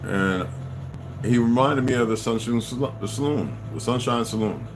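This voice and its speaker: A middle-aged man telling a rambling, profane story that turns into a loud rant. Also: medium pitch, animated, normal speed, background noise. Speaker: channel host telling stories.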